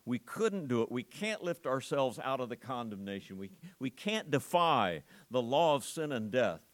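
Man, mid-pitched, earnest conversational preacher reading and explaining scripture. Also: sing-song, moderate pace.

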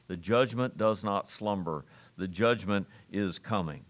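A man's voice: lowish voice, measured pace. A middle-aged man preaching a sermon as pastor, reading scripture aloud in an earnest voice with emphatic rises.

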